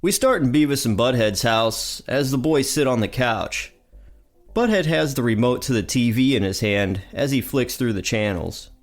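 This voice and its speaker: A man's voice: medium pitch, lively intonation, moderate pace, faint music behind. Stuffy-nosed man hosting a podcast. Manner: upbeat, chatty storytelling. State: stuffy nose from allergies. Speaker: podcast host. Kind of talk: casual episode recap.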